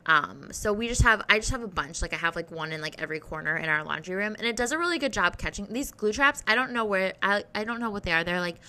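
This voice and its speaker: Woman, young adult, bright voice, casual rambling vlog, sweary, chatty. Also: mid-range voice, fast, few pauses. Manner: sweary, rambling, animated storytelling. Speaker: vlogger.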